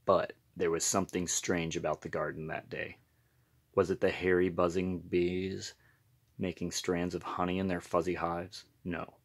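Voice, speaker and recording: A man reading a picture book aloud in a gentle, unhurried storytelling manner. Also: low voice, little pitch movement, vocal fry.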